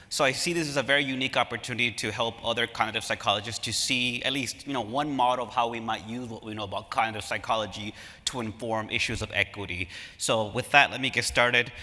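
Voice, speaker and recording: A man speaking as an academic at a conference, telling stories in an animated way and engaging the audience from a lecture hall stage. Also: medium pitch, a little fast. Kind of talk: conference talk. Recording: reverberant hall.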